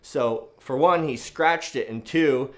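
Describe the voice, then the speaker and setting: A man vlogging casually to the camera as a dog owner, telling a story in a chatty way and sometimes talking softly to his dog. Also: medium pitch, slow pace. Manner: chatty storytelling, soft baby-talk to the dog.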